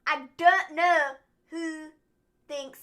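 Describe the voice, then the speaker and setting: A woman's voice: sits high, fairly even intonation, drawn-out words, pushed and bright. A British woman co-hosting a casual livestream chat, playful and teasing, laughing often. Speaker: co-host of a wrestling livestream.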